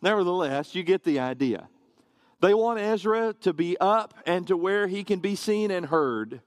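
A man's voice: high voice, lively intonation, normal speed, no room sound, studio quality. A male pastor giving a conversational, explanatory sermon from a church platform, with asides to the congregation. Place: church sanctuary, standing on a carpeted platform.

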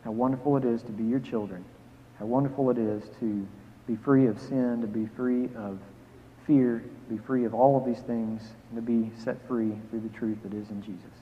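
A man pastor reading scripture, preaching and leading a prayer, emphatic on key phrases and dropping soft to pray. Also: mid-range voice, fairly even intonation, normal speed, slight background noise. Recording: phone-like sound with long hall reverb.

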